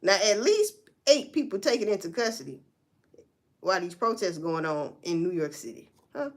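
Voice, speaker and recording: A woman's voice: mid-range voice, very animated, normal speed. A woman hosting a casual livestream, giving blunt, profane commentary and talking straight to her viewers. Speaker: livestream host.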